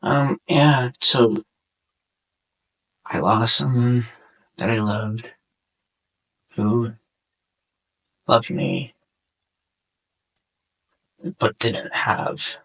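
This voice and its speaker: A young man hosting a casual podcast, speaking in a subdued, halting way with a sore throat, as if on the verge of tears. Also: medium pitch, steady tone, vocal fry, a bit bright, breathy edge, low-quality recording. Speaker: podcast host. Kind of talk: casual personal monologue over gameplay.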